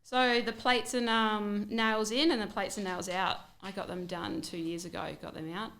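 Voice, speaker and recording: A woman's voice: medium pitch, little pitch movement, normal speed, vocal fry, fairly bright tone. A woman guest on a podcast, talking casually with many fillers and restarts. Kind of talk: casual interview chat.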